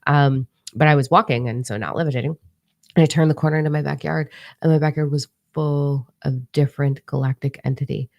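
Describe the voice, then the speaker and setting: A woman's voice: deep voice, gravelly, a little mellow, dry recording, studio quality. A woman in her forties, a spiritual teacher telling a story in a casual, rambling monologue, blunt and swearing freely. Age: 40s.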